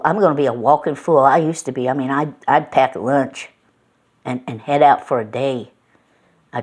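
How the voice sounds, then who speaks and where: Low voiced middle aged woman just chatting at home, folksy, rambly, lots of uhs. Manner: chatty, folksy, meandering with many fillers. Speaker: vlogger. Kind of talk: casual rambling storytelling.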